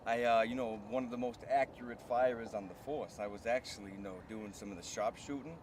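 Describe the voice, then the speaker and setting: Man doing cocky tough-guy deputy, fast talker, outdoor noise. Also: medium pitch, fairly even intonation, close to an everyday voice. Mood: brash. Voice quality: brash tough-guy patter. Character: cocky male sheriff's deputy Johnny. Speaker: sheriff's deputy character. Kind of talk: improvised comedy sketch acting.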